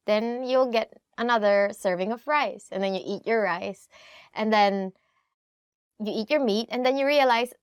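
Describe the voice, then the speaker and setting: A woman with a Filipino accent teaches a casual language lesson in a fairly high voice, recorded close and dry. She chats freely, laughs often and says her example phrases slowly. Her delivery is relaxed and friendly in tone. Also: clean tone, no echo.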